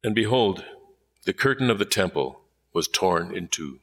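Solemn male scripture reader, lively delivery. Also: low-pitched, normal speed. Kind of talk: scripture reading.

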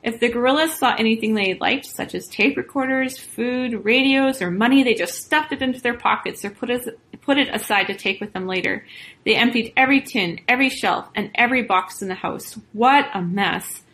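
A woman reading a children's story aloud as storyteller, expressive and lively. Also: a little high, moderate pace, rough recording.

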